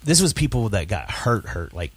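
A man's voice: on the low side, very animated, normal speed, slightly rough. A man hosting a podcast, chatting casually with friends and laughing at his own jokes as he rambles through stories. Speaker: podcast host. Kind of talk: casual group chat.

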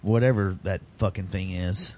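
A man's voice: deep voice, normal speed, darkish tone. A man hosting a podcast in casual chat, rambling and swearing as he talks, laughing often. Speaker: podcast host.

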